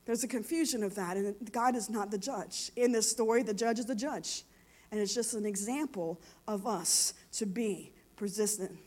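A woman preaching a sermon, moving between quiet teaching and loud, impassioned exhortation. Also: mid-range voice, moderate pace.

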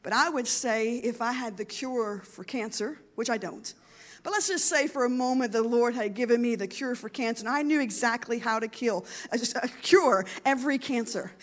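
A woman's voice: a little high, moderate pace. A woman in her forties preaching an earnest, emotional sermon, her voice swelling and dropping. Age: 40s.

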